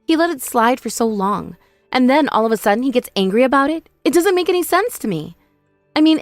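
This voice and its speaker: A woman's voice: mid-range voice, no echo. A woman voicing a remorseful young sister-in-law who pleads and whines for forgiveness. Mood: defensive. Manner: pleading, whiny, self-pitying.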